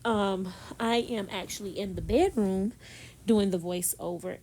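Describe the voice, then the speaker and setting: A woman recording a casual, chatty voiceover in her bedroom, talking softly, laughing at herself and speaking straight to her viewers. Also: mid-range voice, fairly even intonation, moderate pace, slight background noise. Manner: talks softly so as not to disturb someone nearby. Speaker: planner vlogger. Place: bedroom at home.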